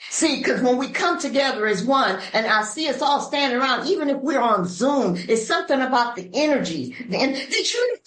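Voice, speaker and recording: An older woman from Los Angeles speaking at a recovery meeting, telling her story in an animated, preacherly way with sudden voice shifts. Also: sits high, moderate pace, few pauses, roomy sound, poor audio. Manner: African American Vernacular English grammar. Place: meeting room.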